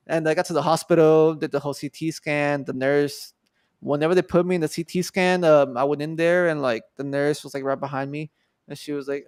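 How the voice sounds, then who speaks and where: A man's voice: on the high side, level tone, quick pace, smooth, no room sound, clean studio sound. A man in his twenties from Texas, telling a personal story in a loose, casual way, full of fillers and swearing. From Texas, USA. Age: 20s. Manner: loose and profane, many fillers. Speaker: guest artist.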